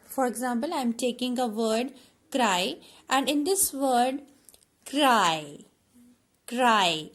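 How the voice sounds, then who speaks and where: A woman teaches a classroom lesson at an unhurried pace. Her voice sits a little high, and she repeats words and fills pauses with "uh" as she explains. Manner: slow, repetitive explaining with many fillers.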